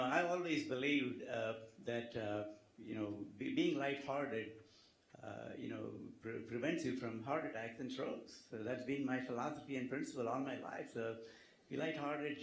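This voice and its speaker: A man, a physician, giving conference remarks, halting and full of filler words as he tells a joking story. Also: on the high side. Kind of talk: conference speech with a humorous anecdote. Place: conference hall with live audience. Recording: roomy hall echo.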